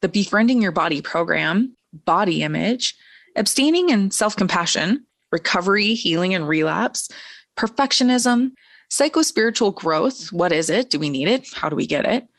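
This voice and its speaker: A woman co-host reading a brisk scripted episode introduction. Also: medium pitch, animated, no room sound. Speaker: podcast co-host.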